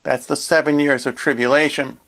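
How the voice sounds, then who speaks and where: A man explaining a joke theory in a mock-serious, deadpan way. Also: mid-range voice, a little fast.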